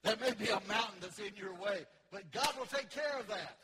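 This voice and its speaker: A pastor preaching a sermon in a church, swinging between loud fervent preaching and soft sung lines, out of breath. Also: male voice, high voice, lively intonation, fairly quick, crowd noise, low-quality recording.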